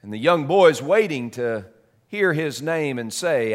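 A man's voice: on the high side, lively intonation, unhurried. Dramatic storytelling preacher, a man. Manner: dramatic, shifts loud and soft, repeats words. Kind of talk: storytelling sermon.

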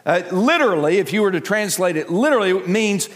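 A man preaching a sermon as pastor, animated and conversational, acting out scoffing voices of a crowd with asides to his congregation. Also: sits high, quick pace. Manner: frequent fillers and restarts, self-deprecating asides. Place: church sanctuary. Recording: reverberant church hall.

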